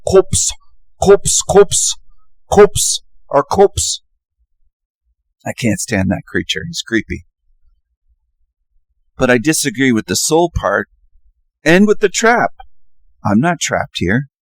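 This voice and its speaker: A man's voice: lowish voice, no echo. A man hosting his own channel, delivering an insistent solo monologue full of challenging rhetorical questions. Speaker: channel host.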